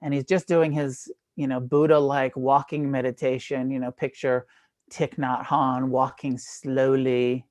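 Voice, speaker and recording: A man's voice: mid-range voice, unhurried. A man giving a dharma talk as a meditation teacher, retelling a story in a casual, irreverent way with swearing and laughs. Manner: casual and irreverent, with profanity and fillers; animated retelling with frequent laughs.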